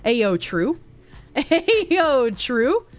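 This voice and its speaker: A young woman livestreaming, reading chat messages aloud, thanking donors and laughing often in a loose, animated way. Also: high voice, very slow, faint music behind. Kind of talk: live stream chat reading.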